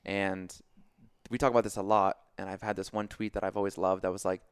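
A young man on a podcast telling a story casually, animated and swearing freely as he acts out his own reactions. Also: deep voice, brisk, clean tone, no room sound. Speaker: podcast guest.

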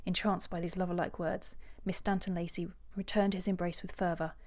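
Her voice is lowish and her delivery brisk as she co-hosts a podcast about books. She performs a passage from a novel, voicing the dialogue with expression, before chatting casually and laughing easily.

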